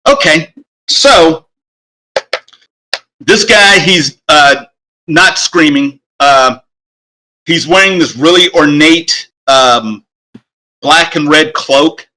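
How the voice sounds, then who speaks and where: Running a tabletop game as game master, a man narrates the scene haltingly, with lots of fillers and restarts. His voice is bright and a little high for a man, and there's a slight hiss or hum on the recording.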